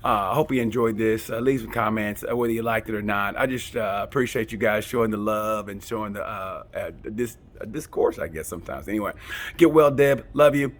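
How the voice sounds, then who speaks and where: A man's voice: lowish voice, fairly quick. A man hosting a casual, comedic race review, rambling and joking with frequent restarts. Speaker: motorsport review host.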